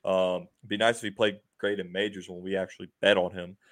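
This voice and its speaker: A man's voice: deep voice, little pitch movement, brisk. A man hosting a sports podcast, recapping games in an upbeat, laughing way with many fillers. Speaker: podcast host. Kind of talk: casual sports chat.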